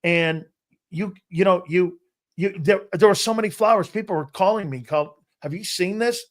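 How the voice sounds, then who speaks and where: An older man hosts a sports talk show in a slightly high voice. He speaks earnestly and conversationally, as in casual chat. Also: normal speed. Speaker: host.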